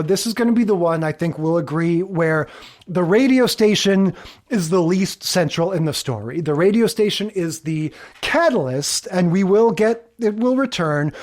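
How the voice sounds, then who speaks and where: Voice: medium pitch, a little mellow. A podcast co-host in casual chat about sitcom episodes, talking freely and acting out lines from scenes. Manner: chatty, acts out lines from scenes.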